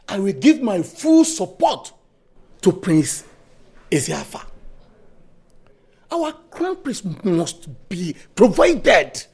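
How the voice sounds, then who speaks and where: An actor with a Nigerian accent playing a stern palace elder who confronts the royal family and demands answers. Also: male voice, sits high, vocal fry, a little mellow, breathy edge, full character voice. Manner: confrontational and commanding. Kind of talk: Nollywood film acting.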